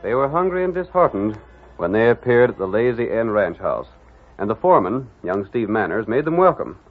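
Old radio announcer guy, lively voice, slightly husky, phone-thin sound. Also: on the low side, a little fast. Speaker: narrator. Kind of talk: scripted narration. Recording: tinny old radio with faint music.

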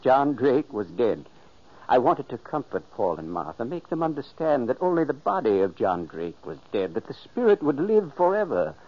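A man's voice: mid-range voice, sing-song, normal speed. An actor playing the ghost of an elderly man, narrating solemnly in a 1940s radio play. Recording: dull old radio recording.

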